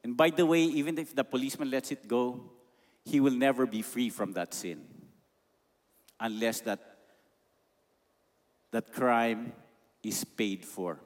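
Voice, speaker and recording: Man, Filipino accent, preaching, emphatic, mid-pitched voice, long hall reverb. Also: a little slow, long pauses. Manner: emphatic, mixes in Tagalog phrases. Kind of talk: sermon.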